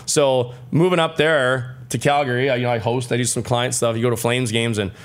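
A man's voice: mid-range voice, fairly even intonation, a little fast. A man in his forties from Saskatchewan, a guest chatting casually in an interview and rambling with lots of fillers and restarts. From Saskatchewan, Canada. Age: 40s. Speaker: guest athlete.

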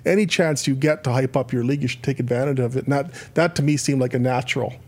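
A man analyzes football on sports talk radio in a careful, measured tone. He often restarts his phrases as he thinks, and his voice sits at a middling pitch. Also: a little mellow.

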